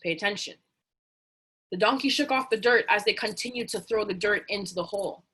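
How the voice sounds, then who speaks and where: A woman telling an earnest motivational story in a casual, animated way. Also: mid-range voice, a little fast, breathy edge.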